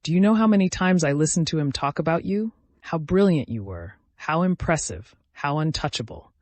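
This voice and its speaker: A man's voice: a little high, animated, moderate pace, darkish tone, no room sound, natural voice. A man voicing a bitter, jealous woman who accuses her rival, with little change from his reading voice. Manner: accusing, rising intensity.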